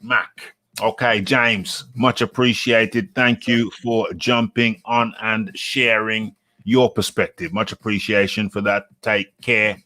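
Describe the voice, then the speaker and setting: A man's voice: fairly low pitch, fairly even intonation, slow, pushed and bright, no echo. A British man hosting a live boxing talk stream, reading comments aloud and rambling and correcting himself as he scrolls.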